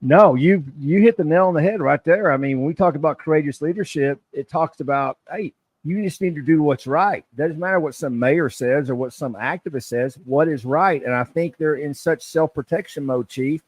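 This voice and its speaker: Dry-sounding podcast host. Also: male voice, a little high, normal speed, few pauses, no room sound. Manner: emphatic, conversational. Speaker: podcast host, former officer. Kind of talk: interview questions.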